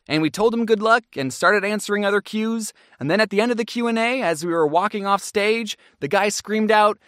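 Man, comedic storytelling narration, deadpan jokes, animated voice, dry recording. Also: high-pitched, fairly quick, no echo. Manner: jokey with deadpan asides.

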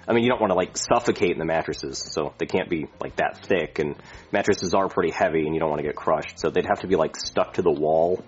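A man's voice: extremely low pitch, fast talker, slightly rough, lo-fi sound. A man voicing a reckless, crude male airline pilot who rambles, boasts and swears a lot.

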